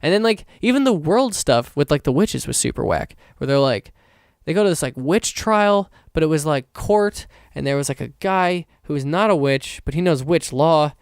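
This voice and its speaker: A young man talks through a casual solo podcast, rambling and swearing freely between fillers. His voice sits a little high for a man and sounds smooth and resonant. The recording is dry and close, with no room sound. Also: animated, normal speed, no room sound. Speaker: podcast host.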